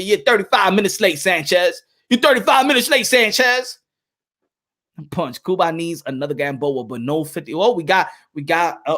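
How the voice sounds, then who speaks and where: A man hosting a casual boxing livestream, excitable and slangy, often shouting and laughing as he talks. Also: fairly high pitch. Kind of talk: casual livestream chat reading viewer comments.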